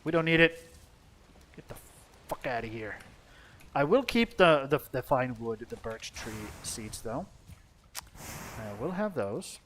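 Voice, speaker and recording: A man's voice: medium pitch, very animated, slow pace, long pauses, fairly bright tone, a little hiss or hum. A young man from Finland giving casual gameplay commentary, swearing freely, joking and talking to his character. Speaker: let's play gamer.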